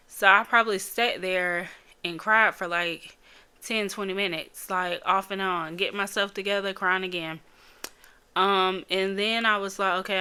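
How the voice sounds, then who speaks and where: Bright, crisp-voiced woman podcaster. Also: medium pitch. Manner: chatty and rambling, laughs often; emotional, candid storytelling. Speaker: podcast host. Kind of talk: casual solo podcast chat.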